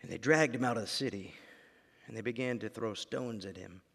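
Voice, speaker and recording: A man in his thirties preaching a sermon, dropping to quiet lines and then building to shouts. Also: fairly low pitch, brisk, vocal fry. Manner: dramatic, swings from quiet to shouting. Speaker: pastor. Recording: long reverb of a large hall.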